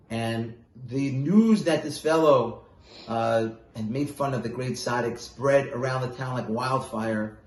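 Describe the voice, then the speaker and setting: A man telling a Hasidic tale casually, with fillers and sudden loud, animated bursts, as a phone voice message. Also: medium pitch, roomy sound. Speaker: storyteller.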